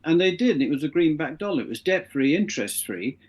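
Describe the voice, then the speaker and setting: A man's voice: fairly high pitch, very animated, quick pace, darkish tone. A middle-aged man, a guest in an interview, telling long anecdotes and acting out the voices of the people in them. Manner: anecdotal, acts out the voices in his stories. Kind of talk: casual interview storytelling.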